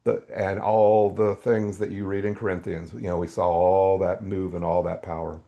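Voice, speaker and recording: An older man, a podcast guest, telling a faith testimony as an animated storyteller whose voice leaps up when excited. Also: sits low, moderate pace, lo-fi sound.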